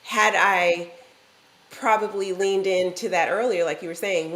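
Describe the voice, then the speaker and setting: Laid-back woman host in an echoey room. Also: lowish voice. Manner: easygoing, laughs often. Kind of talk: casual talk show chat. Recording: roomy echo.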